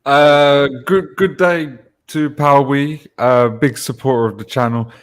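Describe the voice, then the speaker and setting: A man chatting casually as co-host of a group talk show, telling stories with a wry, soft-trailing delivery. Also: medium pitch, steady tone, a little slow, clean tone.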